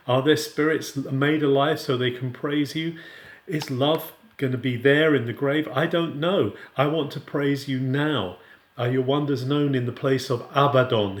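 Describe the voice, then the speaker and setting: Man, earnest informal Bible teacher, mid-pitched voice, echoey room. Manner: earnest, with frequent restarts and paraphrased quotes. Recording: roomy echo.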